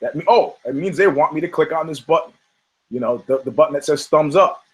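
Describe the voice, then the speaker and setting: A man with a fairly high voice talks a little fast while hosting a podcast, riffing on fight results. His casual comedic combat-sports commentary rambles, swears, and mocks himself. The recording is low quality.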